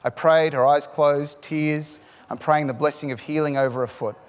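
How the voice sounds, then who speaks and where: A middle-aged Australian preacher tells stories through his sermon with animated humor, shouting at key moments. His voice, a touch high for a man, is clear and resonant at normal speed, ringing out with a long echo through what sounds like a large hall.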